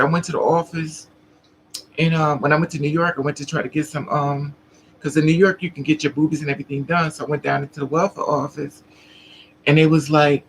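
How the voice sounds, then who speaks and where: A trans woman vlogger with a deep voice chats casually with her live chat, telling a story full of laughter and impressions of the other people involved. A little hiss or hum runs through the rough recording.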